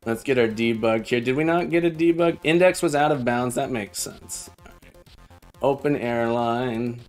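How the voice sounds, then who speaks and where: A man live-streams his coding session, chatting casually and thinking aloud while debugging, poking fun at himself as he goes. His mid-range voice moves at normal speed over soft background music.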